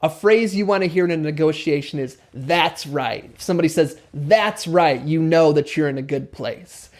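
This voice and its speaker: A man's voice: on the high side, a little fast, darkish tone. A man, the host, explaining negotiation tips and acting out both sides of a conversation.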